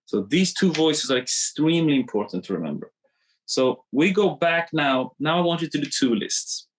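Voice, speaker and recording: A man coaching a live online webinar, animated and repetitive as he draws on screen, talking into a computer mic. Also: on the high side, normal speed, poor audio. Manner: animated, repeats himself, drawing on screen.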